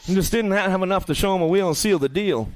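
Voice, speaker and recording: A man calls live BMX motos in quick bursts, running through rider names as they come down the straightaways. He teases the riders between heats in a joking, bantering way. His voice sits somewhat high for a man. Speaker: race announcer. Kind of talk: live BMX race commentary.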